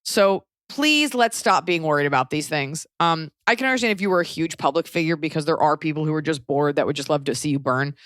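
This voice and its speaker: A woman hosting a podcast, giving blunt, profane, animated advice in casual chat. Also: low-pitched, fairly quick, few pauses, no room sound, clean studio sound. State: pregnant. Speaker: podcast host.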